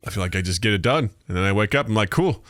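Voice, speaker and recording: A man co-hosting a casual podcast chat, telling stories in an animated way, jumping into high-pitched voices to act out quotes and laughing often. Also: rapid-fire, no room sound, clean studio sound. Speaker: podcast co-host.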